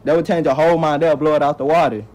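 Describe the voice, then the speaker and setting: A young man, a YouTuber, trolling a stranger on a video call in a loud, joking way, repeating his lines. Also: on the high side, fairly even intonation, rapid-fire. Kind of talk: casual video-chat trolling. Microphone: phone on video call.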